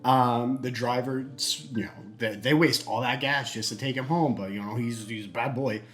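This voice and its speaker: A man casually telling a long shaggy-dog joke, acting out the characters' lines in quick put-on voices. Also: medium pitch, steady tone, fairly bright tone, faint music behind. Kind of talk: casual chat.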